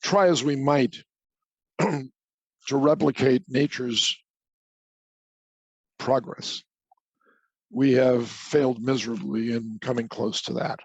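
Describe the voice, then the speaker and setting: A man's voice: medium pitch, steady tone, takes it slowly, pauses often, a little mellow, breathy edge, no room sound, dull audio. An older man, a guest scientist, giving an opinionated conversational lecture with emphatic repetition over a remote call.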